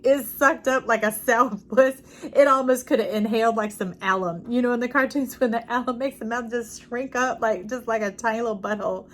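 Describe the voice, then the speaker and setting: A woman doing an intuitive tarot reading, chatting to the listener directly and drifting into lively stories. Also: a little high, brisk. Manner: chatty, warm-hearted, digressive storytelling with animated quoted voices; addresses listener directly as y'all and love. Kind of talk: casual spiritual tarot reading.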